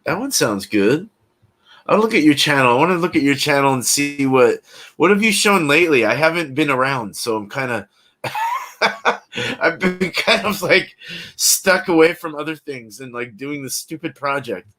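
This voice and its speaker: A man's voice: fairly high pitch, animated, normal speed, sharp tone. A man hosting a livestream, chatting casually with viewers in a laid-back, slangy way and laughing often. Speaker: livestream host. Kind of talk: casual chat with live chat.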